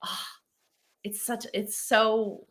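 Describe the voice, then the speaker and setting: A woman actress as a podcast guest, chatting in an animated way and laughing easily. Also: medium pitch, moderate pace. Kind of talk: casual interview chat.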